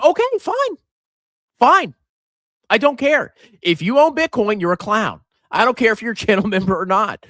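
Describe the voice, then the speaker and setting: Finance host, male, mocking and loud; bright, high voice, dry close sound. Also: very animated, moderate pace, no room sound. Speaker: finance commentator. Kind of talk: reaction commentary reading comments.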